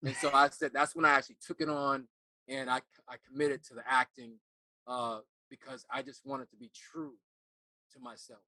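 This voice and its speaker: A middle-aged man's voice, bright and forceful, recorded dry and close. He is an actor turned life coach, telling a personal story earnestly. He stops and repeats words as he remembers. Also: mid-range voice, little pitch movement, dry recording. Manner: earnest, halting, repeats words while recalling.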